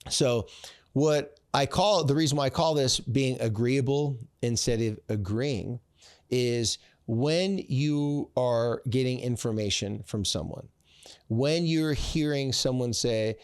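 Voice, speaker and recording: A man hosting a therapy podcast, talking straight to fathers in an animated coaching manner and acting out little scenes. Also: mid-range voice, slow, clear, resonant tone, no echo, studio quality. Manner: coaching, direct address to dads. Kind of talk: podcast advice talk.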